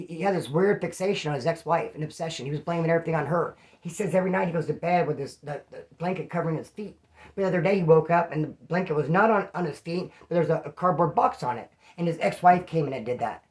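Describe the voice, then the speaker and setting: A man telling a rough personal story in casual, profane street slang. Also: on the high side. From California. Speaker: vlogger.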